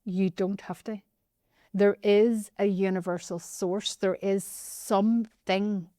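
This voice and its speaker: A woman with a Northern Irish accent telling a personal story as a podcast guest, animated and often addressing the host by name. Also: mid-range voice, slow pace, no echo, studio quality. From Northern Ireland.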